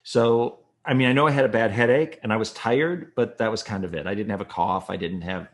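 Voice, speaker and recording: A man with a fairly low voice recounts a personal experience as an interview guest. He speaks earnestly, and his delivery turns quick and agitated whenever he relives the tense moments. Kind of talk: emotional personal storytelling.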